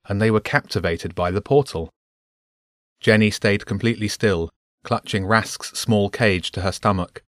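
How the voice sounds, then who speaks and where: A man narrating a children's fantasy audiobook in an even, measured reading. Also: lowish voice, no echo, studio quality.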